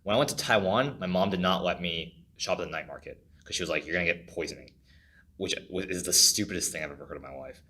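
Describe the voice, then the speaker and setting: Low-voiced, forceful young man from California. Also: quick pace, hardly any pauses. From California, USA. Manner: animated storyteller, jokey and dramatic. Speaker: podcast guest. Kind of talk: casual podcast chat.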